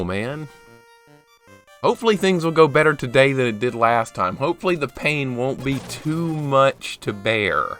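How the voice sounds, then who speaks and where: A man's voice: medium pitch, a bit bright. A man streaming a video game live, chatting casually, greeting viewers by name and poking fun at himself. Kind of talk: casual live gameplay commentary.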